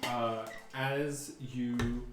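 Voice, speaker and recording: Man game master, hesitant, slow, lots of filler words, very echoey room with faint music behind. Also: mid-range voice, flat delivery. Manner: halting, many fillers. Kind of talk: running a tabletop game.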